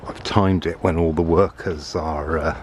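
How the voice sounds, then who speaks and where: Brief: very low-voiced man, rambling outdoor vlog, faint birdsong and breeze behind. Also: fairly even intonation, a little slow, a little hiss or hum. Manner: rambling, chatty, thinking aloud. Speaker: vlogger on a woods walk. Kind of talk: casual walking vlog. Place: outdoors in summer woodland. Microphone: handheld camera while walking. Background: birdsong and faint outdoor ambience.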